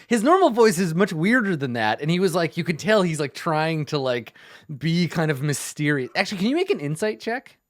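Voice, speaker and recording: A man's voice: fairly high pitch, brisk. A man running a tabletop game as game master, with many fillers and restarts as he narrates. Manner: lively, full of fillers and restarts.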